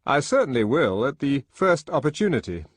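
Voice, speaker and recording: Man voicing a confident young official, brisk, husky, audiobook. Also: mid-range voice, very animated, no room sound, clean studio sound, voice pushed up.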